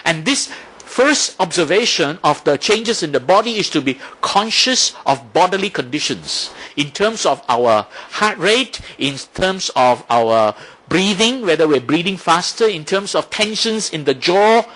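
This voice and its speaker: Male dharma lecturer, bright and tense tone, explanatory. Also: high voice, lively intonation, unhurried. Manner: explanatory, asks rhetorical questions, frequent "right?". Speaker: Buddhist teacher.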